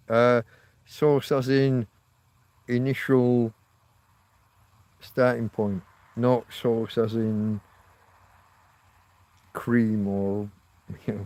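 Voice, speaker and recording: A man streaming live from Spain chats in a meandering way with viewers, reacting to what they write and poking fun at himself. His voice is medium in pitch and a little mellow.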